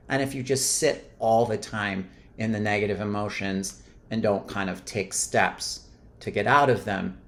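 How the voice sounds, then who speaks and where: Earnest man coaching on emotions. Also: on the low side. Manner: earnest and coaching, gets loud and playful when swearing. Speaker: self-help vlogger. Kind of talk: reflective solo talk to camera.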